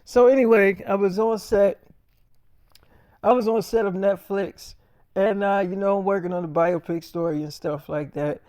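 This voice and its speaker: A man's voice: sits high, fairly even intonation, moderate pace, darkish tone, clean tone, dry recording, studio quality. A man telling an improvised story in a casual, slangy, rambling way, often stumbling and restarting his words.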